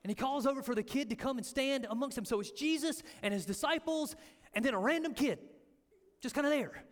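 A man preaching a sermon as pastor, telling stories and acting out the quotes with lively energy. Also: extremely high pitch, a little fast. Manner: animated storytelling, acting out quotes. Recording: echoey hall with long reverb.

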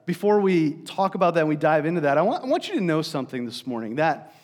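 A man's voice: fairly high pitch, sing-song, quick pace, darkish tone, big-room sound. A man preaching a sermon as pastor, telling stories in a conversational way with frequent fillers and restarts.

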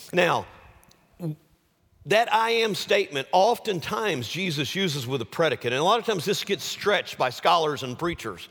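Animated preacher in a reverberant hall. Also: male voice, normal speed, husky. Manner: dramatic swings from loud exclamation to hushed low delivery. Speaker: pastor. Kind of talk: sermon.

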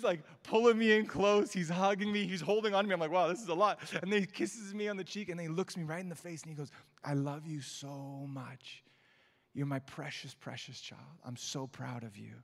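A man preaching a sermon, telling personal stories with light laughs and dropping to quiet, slowed-down quotes. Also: a little high. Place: auditorium or church hall. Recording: long hall reverb from a church.

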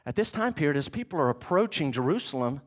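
Guy pastor preaching, kinda high voice, chatty with big emphatic bits. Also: big pitch swings, fast. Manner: conversational, emphatic preaching with sudden bursts and asides. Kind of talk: sermon.

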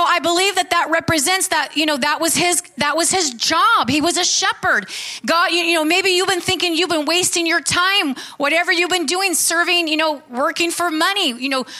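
A woman's voice: very high-pitched, moderate pace, pushed and bright. A woman preaching a sermon, fervent and calling questions out to her congregation.

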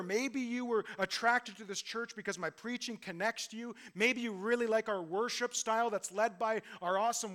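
A man's voice: sits high, a bit bright. A man pastor preaching a sermon in a conversational way, with self-deprecating asides and emphatic repetition.

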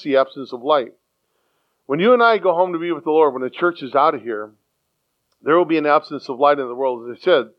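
High-voiced preacher man, lo-fi sound. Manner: animated, acts out quoted voices, repeats words. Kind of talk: sermon. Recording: dull lo-fi sound.

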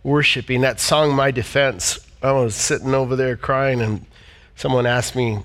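A man's voice: mid-range voice, fairly even intonation, normal speed, a bit bright. Pastor guy praying in church, earnest, keeps repeating himself. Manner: earnest, heartfelt, repeats phrases. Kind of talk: sermon and prayer.

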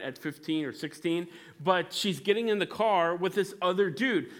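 A man preaching a sermon, telling stories in an animated way with frequent restarts. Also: a little high. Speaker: pastor.

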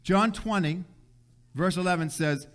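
A pastor preaching a sermon in a casual, conversational way, using everyday slang and acting out the people in the story. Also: male voice, high voice, unhurried, a bit bright. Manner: acts out voices of people in the story.

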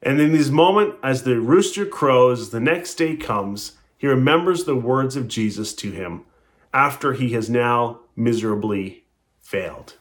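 A man's voice: medium pitch, animated, measured pace. A man preaching a sermon, retelling a story in a conversational way and acting out the quotes with rising and falling emphasis. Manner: conversational, with restarts. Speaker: pastor.

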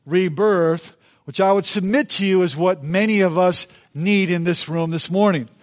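Folksy, high-voiced pastor preaching. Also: male voice. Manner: folksy, conversational, acts out quotes. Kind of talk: sermon. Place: church.

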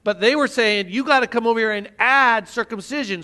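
A man's voice: extremely high pitch, fairly quick, few pauses, bright, forceful tone. A male pastor preaching a sermon, teaching emphatically with rhetorical questions.

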